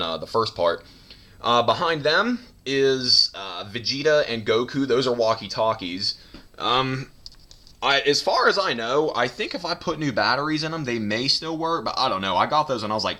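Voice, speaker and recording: Bright-voiced young man rambling casually. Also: medium pitch. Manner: rambling, with many fillers and restarts and goofy asides. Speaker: toy collector showing his collection. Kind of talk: casual rambling video tour. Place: home bedroom, indoors.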